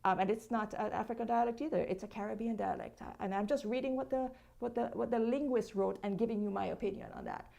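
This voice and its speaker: A woman's voice: on the high side, quick pace, creaky, few pauses. A woman with a Jamaican accent in casual, emphatic conversation, often restarting her words. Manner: emphatic, animated, repeats words when restarting. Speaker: content creator.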